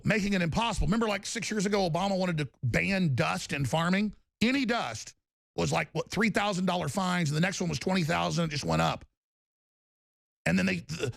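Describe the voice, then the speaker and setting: A man's voice: sits high, a bit bright, dry recording. A man hosting a political talk radio show, ranting in a long monologue and mocking opponents in put-on voices. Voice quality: gravelly.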